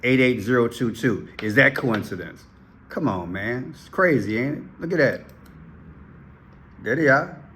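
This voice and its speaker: A man's voice: expressive, unhurried, long pauses, fairly bright tone, a little hiss or hum. A man giving casual commentary to his viewers, repeating himself often and calling out to the audience. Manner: rises sharply in pitch when worked up. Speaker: online video commentator.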